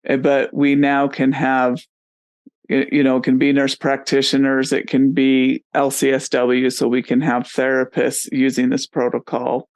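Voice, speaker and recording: Male interview host, smooth clear voice, dry close recording, encouraging. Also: medium pitch, dry recording. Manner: agreeable, encouraging questioner. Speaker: podcast host. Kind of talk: podcast interview.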